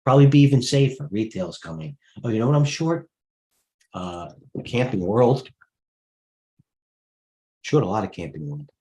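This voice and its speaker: A brash, blunt middle-aged man hosts a stock trading livestream, firing off tickers in rapid-fire live market commentary and addressing viewers directly in a jumpy, out-of-breath manner. His warm, lowish voice swings widely in pitch, runs a little slow, and pauses often.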